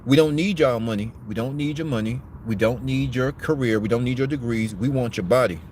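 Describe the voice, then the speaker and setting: A man's voice: medium pitch, a little fast, a little mellow, a little hiss or hum. A man hosting a commentary podcast, giving a blunt, profane, preachy rant.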